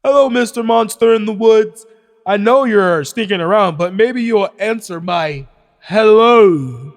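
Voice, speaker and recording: A man's voice: sits high, expressive, unhurried, in a large hall, pitched above the performer's own voice. Man doing a teasing singsong boy.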